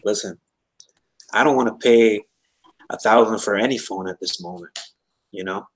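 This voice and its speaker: A man's voice: on the low side, normal speed, low-quality recording. A man talking casually about phones in a round-table chat, rambling with many fillers and restarts. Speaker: podcast host.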